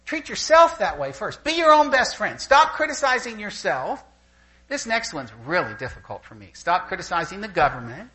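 An older man preaching a sermon to a congregation, telling anecdotes in an animated way and laughing as he goes. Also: high voice, normal speed, poor audio. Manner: animated storyteller who laughs through anecdotes. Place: church gathering with a live audience.

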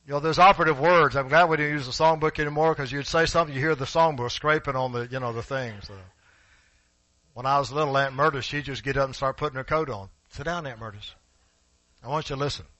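A man preaching a sermon in a church, emphatic and rising to forceful peaks, speaking directly to his congregation. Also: medium pitch, quick pace, dry recording, low-quality recording. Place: church sanctuary.

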